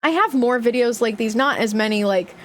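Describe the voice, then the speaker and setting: A woman's voice: a little high, a little fast. A young woman streaming live, chatting casually, giggling and greeting viewers by name. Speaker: livestreamer.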